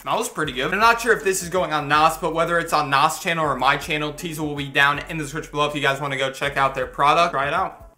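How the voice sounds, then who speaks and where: A young man chatting through a casual product review, excitable and rambling with joking asides. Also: a little high, quick pace. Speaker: YouTuber reviewing a sponsor product.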